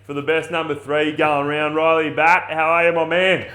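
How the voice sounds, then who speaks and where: A middle-aged Australian man hosts a casual podcast chat. His voice has a bright edge, and he sounds excitable, laughing often and swearing freely. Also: on the high side, moderate pace. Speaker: podcast host.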